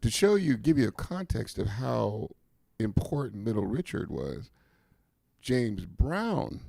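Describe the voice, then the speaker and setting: A man's voice: lowish voice, gravelly, mellow, no echo, studio quality. A male podcast co-host chatting casually and enthusiastically, laughing often and backing up his guest. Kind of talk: casual interview chat.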